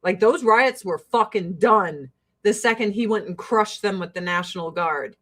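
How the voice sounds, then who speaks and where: A woman's voice: medium pitch, moderate pace. A woman host giving profane, exasperated commentary to her livestream viewers and mocking the people she talks about.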